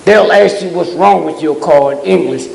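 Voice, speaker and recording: A man giving a fiery, preaching-style talk to a live audience, blunt and scolding, often pausing to ask the crowd "huh?". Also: on the high side, vocal fry. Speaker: speaker addressing a live audience. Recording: echoey hall with long reverb.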